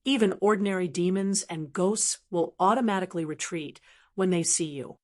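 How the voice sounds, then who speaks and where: Woman reading as a calm young swordsman. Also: normal speed, natural voice. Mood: reassuring. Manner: low, even and reassuring.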